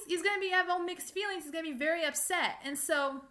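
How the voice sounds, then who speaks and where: A young woman ranting casually to her viewers, animated and exasperated, with frequent laughs and fillers. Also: high-pitched, quick pace, few pauses. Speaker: fan vlogger. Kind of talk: casual rant to camera.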